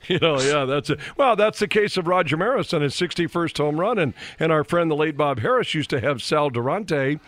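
Chatty radio sports guy, swoopy lively voice, laughs a lot. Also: on the high side, fairly quick, few pauses, dry recording. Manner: chatty, laughs often, restarts sentences. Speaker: radio sports show host. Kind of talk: casual on-air sports chat.

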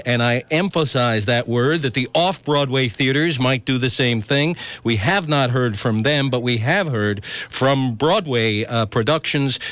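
A man's voice: medium pitch, fairly bright tone, no room sound. Man anchoring radio news, dry sound. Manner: conversational, with fillers.

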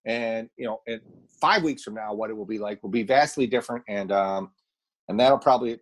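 A man who is a golf pro, guesting on a sports radio talk show and thinking aloud with frequent restarts as he weighs both sides. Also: medium pitch.

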